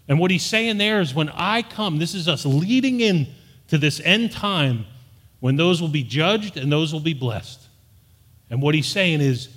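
A man's voice: fairly high pitch, lively intonation, unhurried, a bit bright. A middle-aged man preaching a sermon with earnest, emphatic delivery. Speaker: pastor. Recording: long hall reverb.

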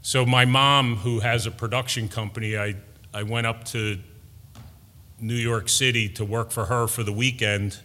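A middle-aged man delivers a sermon in a bright, forceful voice, his words carrying through a long reverb in a large church hall. He speaks slowly and deliberately, rising to emphatic peaks. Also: medium pitch, steady tone. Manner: slow, deliberate preaching with emphatic builds. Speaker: preacher.

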